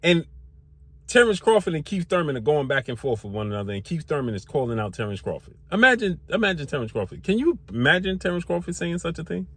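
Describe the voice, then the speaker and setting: A man's voice: on the high side, sing-song, fast, a bit bright. A man hosting a sports channel, firing off rhetorical questions in a heated, slangy boxing commentary rant. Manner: slangy casual speech.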